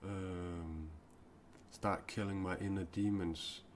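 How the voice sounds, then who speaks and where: Deep-voiced man, earnest and confessional. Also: steady tone, slow pace, a little hiss or hum. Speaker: self-described mystic and spiritual speaker. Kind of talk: improvised live-stream talk.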